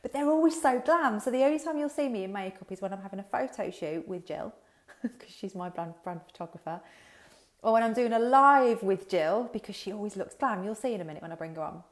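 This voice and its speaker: A woman's voice: medium pitch, animated, a little fast. A woman hosting a casual livestream chat, talking straight to her viewers in a chatty, swearing, unfiltered way over a headset mic. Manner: chatty, swears freely, talks to viewers directly. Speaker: business coach hosting a livestream. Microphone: headphones with mic.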